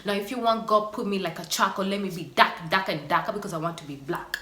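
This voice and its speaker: A woman's voice: mid-range voice, quick pace, bright, forceful tone. A woman vlogger talking earnestly and emotionally to her viewers, sighing now and then. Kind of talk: personal vlog monologue. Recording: echoey room.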